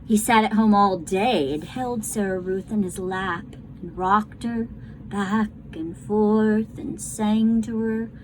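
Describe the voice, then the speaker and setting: A woman reading a children's book aloud to a class, tender and unhurried. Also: mid-range voice, darkish tone, a little hiss or hum, rough recording. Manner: slow, tender storytelling.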